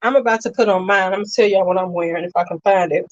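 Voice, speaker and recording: A woman's voice: mid-range voice, very fast, no echo. A young adult woman chatting casually on a beauty and fragrance livestream, greeting viewers by name and dropping slangy asides. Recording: slightly dull, dry home recording.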